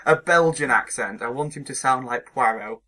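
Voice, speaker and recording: A man co-hosts a relaxed podcast, his tone bright and clear. He teases his partner, chuckles often and reads out silly titles deadpan. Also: medium pitch, moderate pace. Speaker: podcast co-host. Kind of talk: casual chat.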